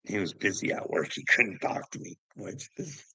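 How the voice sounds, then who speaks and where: Gravelly guy talking, low husky voice, pitch all over the place, swears a lot, dry close sound. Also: animated, normal speed, pushed and bright, no room sound, low-quality recording. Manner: rambling and profane, with frequent laughs. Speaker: vlogger. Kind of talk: casual personal storytelling to camera.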